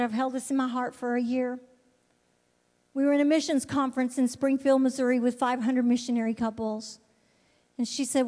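High-voiced woman preaching in a hall. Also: a little mellow. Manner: fervent, repeats words, halting restarts. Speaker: missionary giving testimony. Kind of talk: testimony sermon. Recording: long reverb of a large hall.

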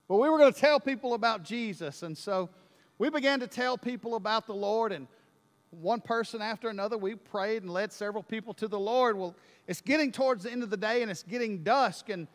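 A man preaching a sermon, telling a story in an animated way and building to loud, emphatic peaks. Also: high voice, big-room sound. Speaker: pastor.

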